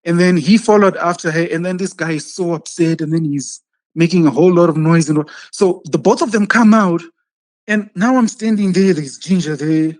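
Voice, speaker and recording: A man telling a story in casual chat, acting out the quotes and laughing often. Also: on the high side. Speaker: podcast host telling a story.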